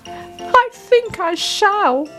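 Lady doing a sad little boy voice, high and wobbly, real earnest, storybook kid. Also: lively intonation, drawn-out words, fairly bright tone, soft background music, exaggerated voice. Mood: plaintive. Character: young simple-minded boy Simon, earnest.

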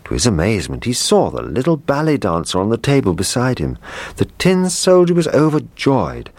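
A man reading a children's story aloud, slow, gentle and measured. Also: medium pitch, wildly swooping pitch, no room sound.

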